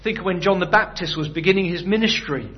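A preacher gives his sermon in a relaxed, conversational way, putting rhetorical questions to the congregation. He speaks fairly quickly, in a voice a bit high for a man, and the recording sounds dull and lo-fi.

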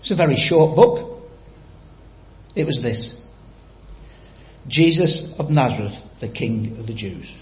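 Lively, echoey preacher man. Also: mid-range voice, unhurried, pauses often, dull audio. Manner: storytelling, quizzing the congregation directly. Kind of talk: sermon.

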